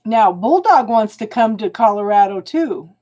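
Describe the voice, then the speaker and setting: A woman's voice: medium pitch, animated, normal speed, dull audio. A woman giving live tarot readings and chatting with viewers, calling them hon and getting emotional over the cards. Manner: chatty, warm-hearted, calls viewers hon. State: tearful, emotional. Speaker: tarot reader.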